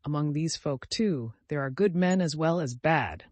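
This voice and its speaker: A man's voice: a little high, sing-song, moderate pace, dry recording. A man voicing a small, kindly peasant soldier with a tender, caressing sing-song manner.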